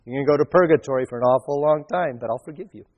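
A male pastor voicing a merciful Jesus, speaking softly and pleadingly, with long reverb around him. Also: on the high side, rapid-fire, lightly acted.

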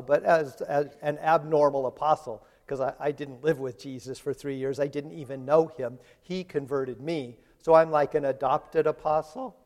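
A man's voice: fairly high pitch, a little mellow. A man preaching a sermon in a chatty, conversational way, retelling scripture in everyday voices. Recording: long hall reverb.

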